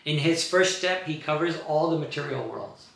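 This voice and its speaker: A man teaching a scripture class, telling the story in an explanatory, animated way. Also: a little high, normal speed, creaky. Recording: very echoey room.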